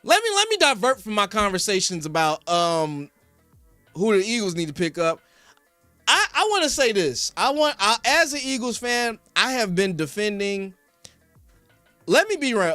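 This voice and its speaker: A young man from Philadelphia hosts a sports talk stream, rambling and answering his chat by name. His voice sits high and bright, with a forceful edge when he gets heated. It is recorded dry and close on a podcast mic, with faint music underneath. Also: sing-song, normal speed, dry recording. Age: young adult. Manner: rambling, reads chat names, rises to heated rants. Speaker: sports show host. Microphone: studio podcast mic.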